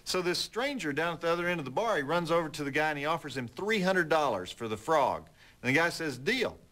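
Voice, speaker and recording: Bright-voiced wry male TV host. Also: fairly high pitch, quick pace. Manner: wry, deadpan storyteller. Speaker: late-night movie show host. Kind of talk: folksy TV host patter and joke telling.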